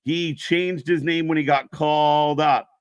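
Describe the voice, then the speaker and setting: A man in loose fan-stream banter, joking and profane as he reads chat messages aloud. His voice sits a touch high, and the sound is close and dry with no room echo. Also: fairly even intonation, a little slow, clean tone. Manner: joking, profane, laughs loudly. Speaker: co-host of a wrestling live stream. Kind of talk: casual banter, reading chat.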